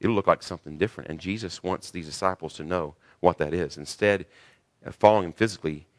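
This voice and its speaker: A man's voice: deep voice, fast, no room sound, clean studio sound. A pastor preaching a sermon, earnest and building to emphatic peaks, a father of six in his thirties or forties.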